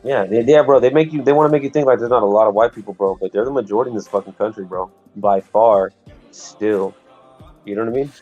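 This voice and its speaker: A man's voice: fairly low pitch, fast talker, a little mellow, soft background music. A man chatting casually in a slangy, laid-back way, tacking "bro" onto his phrases. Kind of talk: casual chat. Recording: dull lo-fi audio.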